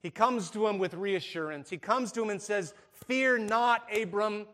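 A man preaching a sermon in a conversational way, asking the congregation rhetorical questions and going soft and hushed in tender moments. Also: sits high, a little fast. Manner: drops to a soft, hushed delivery for tender passages. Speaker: pastor.

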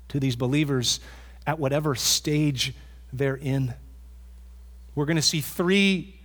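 A man's voice: sits high, fairly bright tone, big-room sound. A man preaching a sermon as the pastor, earnest, repeating key points for emphasis.

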